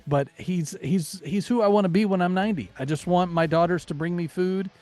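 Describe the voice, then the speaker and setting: A man's voice: high voice, brisk, a little mellow, no room sound. A man co-hosting a casual podcast chat, easygoing and rambling with filler words. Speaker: podcast co-host.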